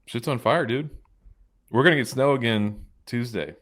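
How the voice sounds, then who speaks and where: This co-host's mid-range voice is a bit bright and moves at normal speed. He chats casually on the podcast, rambling with many fillers and restarts.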